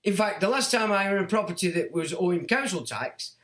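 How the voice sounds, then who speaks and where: Middle-aged man hosting a livestream, blunt and mocking, high-pitched, roomy echo. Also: brisk. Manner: blunt, animated, mocks whiners in put-on voices. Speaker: livestream host reading chat comments. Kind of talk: casual livestream monologue.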